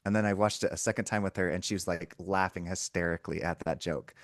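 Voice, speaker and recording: A soft-spoken man co-hosting a podcast, retelling anecdotes in a casual movie chat and trailing off at the ends of thoughts. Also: sits low, fairly even intonation, quick pace, dry recording, clean studio sound. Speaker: podcast co-host.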